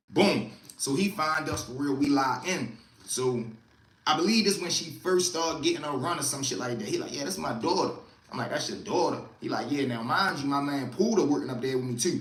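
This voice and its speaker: A man with a Baltimore accent hosts and tells casual stories in a loose, slang-heavy style, his voice on the high side with a roomy sound. He's animated and slangy, loudly acting out the voices of the people he quotes.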